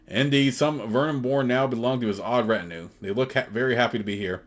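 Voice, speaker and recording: A man's voice: medium pitch, fairly quick, hardly any pauses. A man hosting a let's play, reading the game's text aloud steadily with casual asides.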